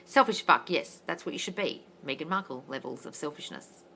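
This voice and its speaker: An Australian woman runs a casual live Q&A as a mindset coach, answering comments bluntly and loudly and swearing freely. Her voice is bright and forceful, with a brisk, no-nonsense delivery. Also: sits low, lively intonation, gravelly, a little hiss or hum. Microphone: phone livestream.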